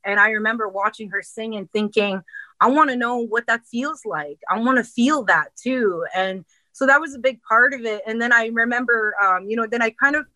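Bright-voiced woman, earnest singer on radio. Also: a little high, no echo, low-quality recording. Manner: earnest, rambling with many restarts and fillers. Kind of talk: casual interview talk.

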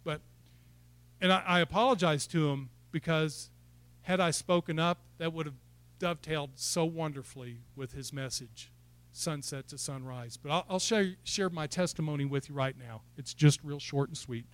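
A man's voice: on the high side, normal speed, a bit bright. A man preaching a sermon in church, building to fired-up exhortation and asking the congregation questions. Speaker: pastor.

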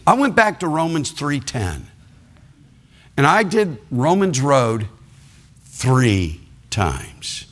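A male pastor preaching a sermon, telling a story with animated, fervent delivery. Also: mid-range voice, slow pace, long pauses.

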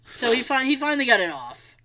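A woman telling family stories in a casual chat, animated, swearing freely and laughing often. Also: fairly high pitch, quick pace, a little hiss or hum.

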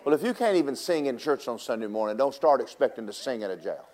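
A man's voice: mid-range voice, big pitch swings, fast talker, a little mellow. Folksy preacher man. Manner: folksy, teasing, talks straight to the congregation. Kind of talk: sermon with personal stories.

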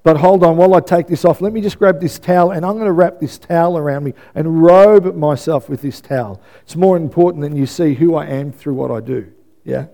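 A man preaching a sermon with a mellow, warm tone, pitched a little higher than most men. He talks casually with his congregation, repeats key phrases for emphasis and keeps checking in with "yeah?". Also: a little fast, vocal fry. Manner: conversational preaching, often asks "yeah?". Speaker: pastor.

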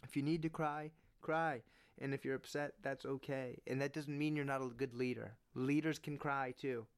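A man giving earnest, animated opinion commentary on sports, rising in pitch when he presses his point. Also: normal speed, smooth.

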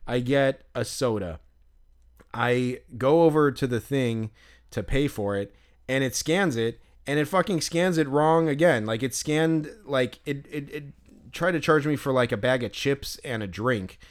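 A man's voice: mid-range voice, a little slow. A young adult man, co-host of a podcast, telling a long, rambling story in a casual chat, with lots of restarts and some swearing.

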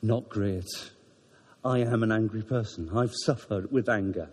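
A man with a Welsh accent giving a chatty, self-deprecating talk to his church, halting often with ums. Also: fairly low pitch, darkish tone, slightly rough. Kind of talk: informal sermon talk. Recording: echoey church hall.

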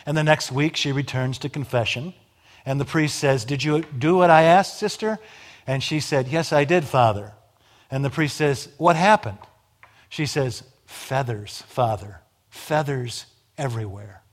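A man delivering a sermon in a slightly higher-than-average voice. He swings between loud emphatic lines and hushed, low passages, with dry wit along the way. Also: moderate pace. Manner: emphatic, dramatic rises and drops in volume; wry humor. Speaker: preacher.

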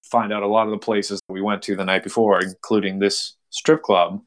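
Man, low-pitched, young adult, casual storytelling, animated, bursts into voiced quotes. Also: brisk. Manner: animated, acts out quotes with big pitch jumps. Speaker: podcast host.

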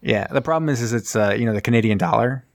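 A man's voice: medium pitch, fast, dry recording. Joking male podcast co-host, dry sound. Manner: joking recaps with acted-out quotes. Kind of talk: casual movie-review chat.

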